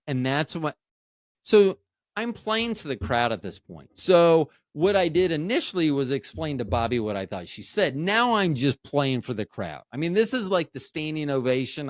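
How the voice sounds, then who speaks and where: A man's voice: mid-range voice, dry recording, clean studio sound. A man hosting a casual solo podcast, telling a rambling, jokey story and often cutting himself off to restart. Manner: rambling, jokey, self-interrupting with "anywho, anyhow, anyway". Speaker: podcast host.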